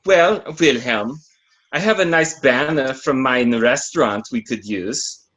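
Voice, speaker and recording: A man voicing a medieval peasant restaurant owner in a put-on German accent, slow and matter-of-fact. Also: medium pitch, a bit bright, natural voice. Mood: helpful. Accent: German, put on badly.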